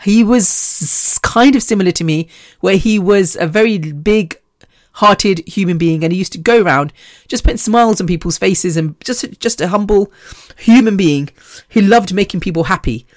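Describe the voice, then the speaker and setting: Rambly lady in her 50s, middle pitch, laughs a lot, swears, dry room. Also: normal speed, no room sound. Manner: rambling, chatty, swears freely, laughs between sentences. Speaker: podcast host. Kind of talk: casual podcast monologue.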